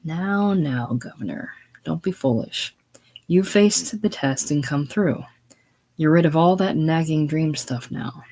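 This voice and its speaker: A man's voice: fairly high pitch, measured pace, darkish tone. A man voicing a persuasive male salesman who coaxes and turns indignant, in a play reading. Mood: coaxing. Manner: coaxing, indignant. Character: smooth-talking male salesman, insistent and coaxing.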